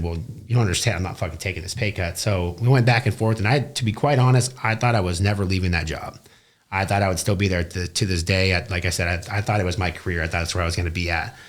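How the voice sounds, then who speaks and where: A young man, a business owner, telling his career story bluntly and profanely in a casual interview. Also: lowish voice. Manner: blunt and profane, animated retelling.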